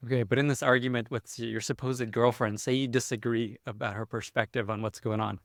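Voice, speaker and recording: A man's voice: medium pitch, fairly even intonation, fairly quick, dry recording, studio quality. Man hosting a podcast interview. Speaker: podcast host.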